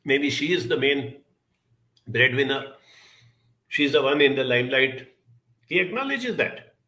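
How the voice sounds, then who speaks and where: A man giving an earnest, reflective talk, telling a childhood story in a measured way with lively emphasis. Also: mid-range voice.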